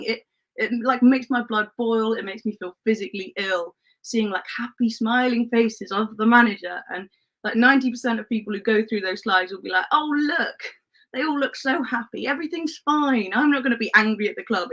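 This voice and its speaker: A woman's voice: medium pitch, a bit bright, poor audio. A woman hosting a football fan live stream, reading the chat aloud in a chatty, passionate way with frequent laughs and fillers.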